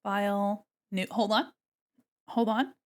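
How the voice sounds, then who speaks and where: A woman's voice: mid-range voice, little pitch movement, takes it slowly, clear, resonant tone. A woman art streamer chatting casually and playfully with her viewers while she works on a drawing. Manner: chatty and playful, talks to chat while working.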